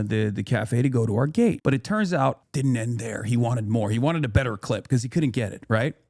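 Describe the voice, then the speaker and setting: A man's voice: on the high side, darkish tone, dry recording, clean studio sound. A man in his thirties streaming a profane, angry rant, retelling a run-in and quoting people in raised voices. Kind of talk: profane ranting commentary.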